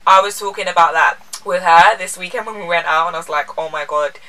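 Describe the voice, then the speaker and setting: A woman's voice: on the low side, steady tone, quick pace, bright, forceful tone, recorded from a distance, rough recording. A young woman, chatting candidly and playfully as she answers viewer questions in a vlog. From England. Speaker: lifestyle vlogger. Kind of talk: casual Q&A vlog.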